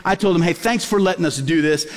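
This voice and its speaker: A man's voice: high voice, fast, long reverb tail. A man preaching a sermon as a pastor, telling stories and acting out quotes with animation. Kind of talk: sermon storytelling.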